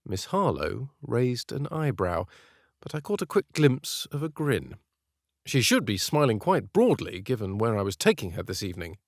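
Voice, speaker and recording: British guy narrating an audiobook, posh and clipped, really lively pitch, dead dry mic. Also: normal speed, dry recording. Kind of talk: first-person audiobook narration.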